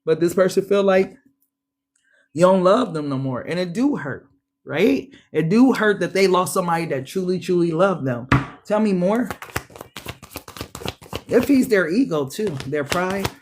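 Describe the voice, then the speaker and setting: A woman giving a casual tarot reading straight to her viewers, animated and slangy, often laughing and playing out what people say. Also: lowish voice, unhurried, pauses often, background noise. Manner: animated, chatty, addresses viewers directly; frequent laughs and acted-out quotes. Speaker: tarot reader.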